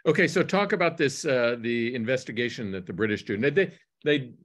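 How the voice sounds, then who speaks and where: A man's voice: medium pitch, expressive, a little fast, fairly bright tone. A man interviewing a guest, prompting him with questions and brief acknowledgments. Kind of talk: conversational interview.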